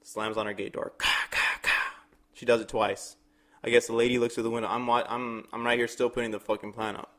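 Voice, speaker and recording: Speaking at medium pitch and a fairly quick pace, a young podcast co-host spins a long, casual story, animatedly voicing its characters' quotes and cursing freely.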